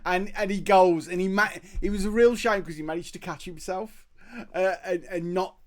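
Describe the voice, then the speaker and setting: A man telling stories in casual live-stream banter, giggling and halting with fillers. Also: high voice, fairly even intonation.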